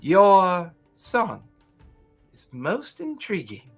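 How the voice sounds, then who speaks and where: A man's voice: sits high, sing-song, extremely slow, soft background music, pitched above the performer's own voice, heavily acted. A stately sea council leader rises from her throne, voiced by a man running the game. Her speech is gracious and courtly, with a slightly pompous air.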